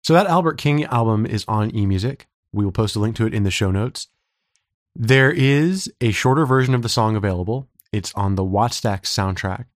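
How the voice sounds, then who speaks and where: A man's voice: lowish voice, normal speed, no echo, studio quality. A man co-hosting a podcast in casual, joking talk, his throat slightly scratchy. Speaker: podcast co-host.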